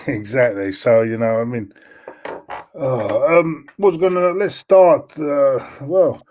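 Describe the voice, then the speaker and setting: A man's voice: mid-range voice, steady tone, slow pace, darkish tone. A man hosting a casual football chat over a video call, tired and struggling to sleep, talking hesitantly with many ums and uhs. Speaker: host.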